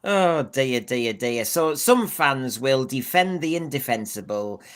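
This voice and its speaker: Man, podcast co-host, opinionated, rhetorical, mid-pitched voice. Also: slow pace, clear, resonant tone. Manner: opinionated, animated, rhetorical questions. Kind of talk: casual podcast discussion.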